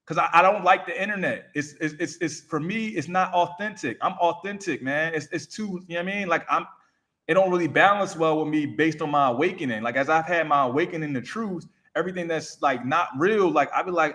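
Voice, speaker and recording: A man's voice: on the high side, brisk, a bit bright. A man giving an emphatic, repetitive motivational coaching talk on a live stream, speaking into a microphone. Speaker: raw vegan coach.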